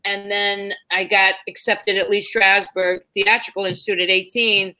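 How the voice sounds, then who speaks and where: A woman guest telling stories in a casual interview, animated and acting out quotes in different voices. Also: medium pitch, normal speed.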